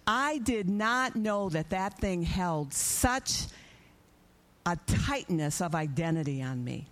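Brief: middle-aged woman with a slightly low voice, animated church testimony storyteller. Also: slow pace. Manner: animated storyteller, acting out her own prayers and dialogue. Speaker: church speaker giving a testimony.

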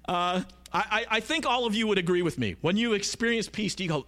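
A man's voice: high voice, fast talker, hardly any pauses, fairly bright tone. A man preaching a conversational sermon, emphatic and often asking his listeners questions.

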